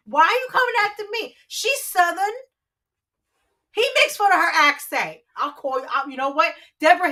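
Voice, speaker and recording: Feisty New Jersey woman, lively and bright. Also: high-pitched. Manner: feisty, profane teasing. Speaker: co-host. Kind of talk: casual livestream banter.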